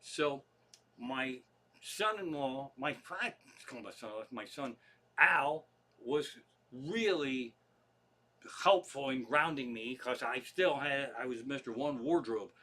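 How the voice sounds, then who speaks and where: Slow and sharp, with lively intonation in a medium pitch, a middle-aged Pennsylvania-accented man rambles through comic stories on a livestream at home. He's profane and chatty, wandering into loose tangents.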